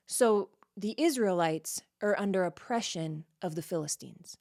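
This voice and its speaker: A woman's voice: mid-range voice, unhurried, a little mellow. Chatty woman teaching Bible study. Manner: conversational, reads a verse then reacts and explains in plain talk; frequent "like" and "right?" checks with the listener. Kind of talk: casual verse-by-verse Bible teaching.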